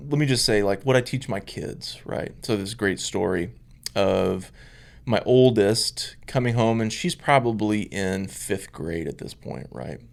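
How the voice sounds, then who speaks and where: Gravelly low-voiced man, storytelling. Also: unhurried. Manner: storytelling, emphatic, acts out quoted voices. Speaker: podcast co-host, minister. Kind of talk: casual chat.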